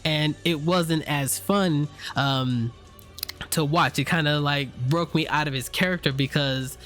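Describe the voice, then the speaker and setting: A man's voice: a little high, a little slow, a bit bright, faint music behind. A man giving a loose, unscripted spoken review, full of fillers, restarts and casual swearing. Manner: swears freely, slangy. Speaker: anime reviewer.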